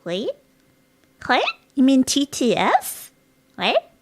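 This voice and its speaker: A woman's voice: sits high, huge pitch swings, slow. A woman live streamer chatting casually with her viewers while she plays, giggling often and joking around. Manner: giggly, laughs often, playful.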